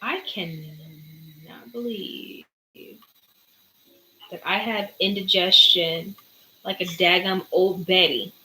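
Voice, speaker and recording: A woman's voice: lowish voice, slow, pauses often, sharp tone, slight background noise, poor audio. A woman, chatting casually on a livestream as a spiritual reader, answering viewers' questions in a playful, easily sidetracked way. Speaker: spiritual reader hosting a live Q&A.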